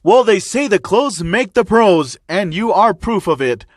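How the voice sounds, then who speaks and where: A man voicing a grand, upbeat hero teacher, raising his voice into loud proclamations. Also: sits high, animated, unhurried, dry recording, clean studio sound, pitched above the performer's own voice. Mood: booming. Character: booming heroic male teacher, grand and upbeat.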